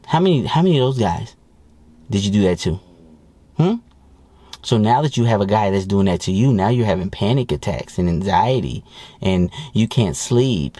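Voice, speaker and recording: A man's voice: on the low side, a little mellow, dry recording. A man giving dating advice in a blunt, profane, mocking rant. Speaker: dating coach. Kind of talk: ranting advice monologue.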